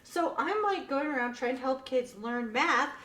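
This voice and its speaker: A bubbly young woman, a math teacher, tells stories in a relaxed interview and breaks into laughter often. Her voice sits a little high. It sounds roomy and echoey, as if the mic is some distance away, with a faint hiss behind her. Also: moderate pace. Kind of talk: casual interview storytelling.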